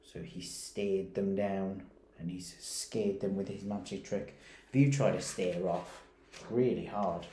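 A man, a primary school teacher reading a picture book aloud and stopping to ask his pupils gentle questions. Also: low voice, steady tone, a little hiss or hum. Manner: gentle, questioning, reads slowly and pauses to ask. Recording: roomy echoey recording.

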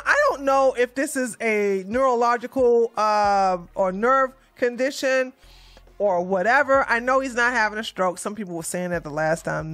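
A woman giving casual, animated reaction commentary as a news vlogger, chatty and often laughing. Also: a little high.

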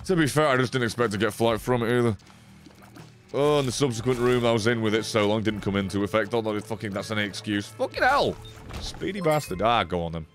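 A young man giving sweary, excitable commentary on his gameplay and chatting with stream viewers. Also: on the low side, fast talker, faint music behind. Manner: sweary, excitable, laughs often.

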